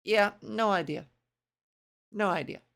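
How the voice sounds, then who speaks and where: Gravelly-voiced chatty woman. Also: mid-range voice, slow, a bit bright. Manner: chatty, self-mocking, swears, reads aloud and reacts. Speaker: video creator. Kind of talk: casual reaction commentary.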